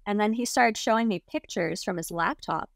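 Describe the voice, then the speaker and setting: Her voice is gravelly and mid-range, moving at a moderate pace, as this young woman guest on an interview show casually recounts something from her own life, sprinkling in lots of "like." The clean studio audio carries no echo.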